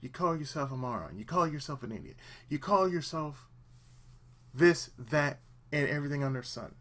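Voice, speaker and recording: A man's voice: fairly high pitch, animated, normal speed, fairly bright tone. Earnest man giving let's play advice. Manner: earnest, emphatic, repetitive. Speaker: let's play host, aspiring voice actor. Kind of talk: casual advice talk.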